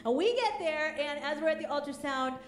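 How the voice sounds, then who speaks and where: A woman's voice: sits high, expressive, a little fast, reverberant. A woman in her thirties preaching a sermon as pastor, emphatic and fervent, often raising her voice.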